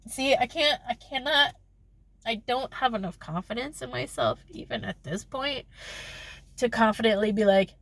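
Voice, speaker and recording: A woman's voice: fairly high pitch, big pitch swings, moderate pace, fairly bright tone, no room sound. A young woman vlogging casually to camera, rambling and breaking off mid-thought, acting out little exchanges and laughing often. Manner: rambling, self-interrupting, laughs often, acts out quoted exchanges. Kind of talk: casual confessional talk to camera.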